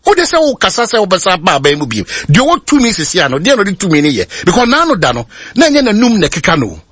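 Impassioned Ghanaian man, husky, lively pitch. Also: fast, no room sound, clean studio sound. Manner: impassioned, repeatedly cuts in with "hold on". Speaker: radio talk show host. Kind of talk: heated political debate.

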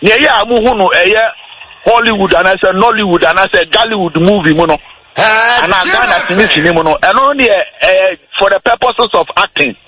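A man on a radio talk show, patiently explaining how wills and estates work, slowing down on his key points. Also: high voice, pushed and bright, low-quality recording. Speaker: legal explainer guest.

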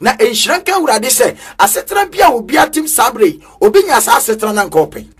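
A man with a Ghanaian accent preaching a sermon in a sing-song cadence with sudden shouts. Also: very high-pitched, big pitch swings, quick pace, slightly rough.

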